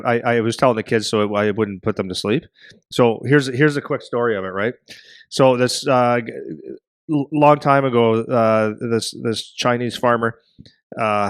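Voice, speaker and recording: A middle-aged man co-hosting a hockey podcast, telling a story in a rambling, animated way and acting out voices. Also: medium pitch, dry recording, studio quality. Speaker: podcast co-host and hockey parent.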